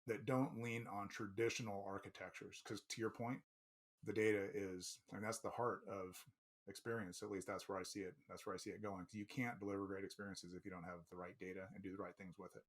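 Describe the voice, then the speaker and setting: A man's voice: lowish voice, flat delivery, brisk. A man being interviewed as a company president, talking thoughtfully and loosely with fillers and restarts. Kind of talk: casual interview chat.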